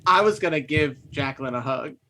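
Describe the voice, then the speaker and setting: A woman playing a tabletop game, talking casually with soft, halting phrasing. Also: low-pitched, expressive. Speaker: player.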